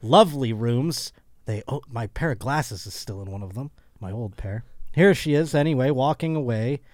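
A man's voice: medium pitch, expressive, moderate pace, a little mellow, no echo, studio quality. A man hosting a podcast, in casual chat with a chatty, teasing, wry manner. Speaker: podcast host.

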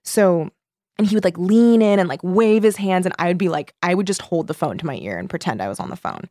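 Young woman, low voice, dry mic, animated chatty storyteller who swears freely. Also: brisk, dry recording. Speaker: podcast co-host. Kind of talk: casual chat.

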